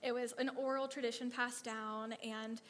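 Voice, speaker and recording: A woman telling animated ministry stories to a church audience, laughing often and acting out the lines of the people in her stories. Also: fairly high pitch, moderate pace. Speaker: speaker sharing ministry stories. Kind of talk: testimony storytelling to a church audience. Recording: long reverb of a hall.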